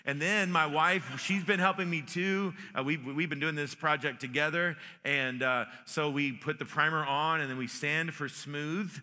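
A man's voice: fairly high pitch, fairly even intonation, normal speed, few pauses, sharp tone, in a large hall. A man preaching a sermon in a church, folksy and joking in manner, with many restarts. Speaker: pastor. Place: church sanctuary.

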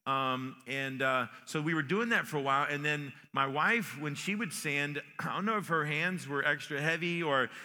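A man's voice: on the high side, moderate pace, pushed and bright, long reverb tail. A man preaching a sermon in a church, folksy and joking in manner, with many restarts. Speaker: pastor. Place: church sanctuary.

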